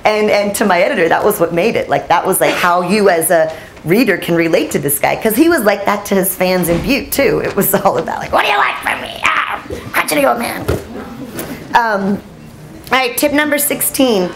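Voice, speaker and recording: Woman in her 40s, journalist speaker, chatty and self-mocking, mid-pitched, talking to a roomful of people. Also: animated, fairly quick, a little hiss or hum. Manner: chatty, self-deprecating, laughs often. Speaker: journalist giving a talk. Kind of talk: storytelling conference talk. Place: audience room.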